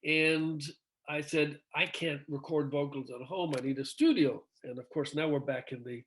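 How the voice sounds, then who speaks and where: A middle-aged man, a rock singer, chats on a video call with a slightly high voice. He spins anecdotes, acts out what others said, and laughs easily. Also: moderate pace. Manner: animated storyteller, acts out quoted dialogue, laughs often. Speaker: singer, interview guest. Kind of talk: casual storytelling interview.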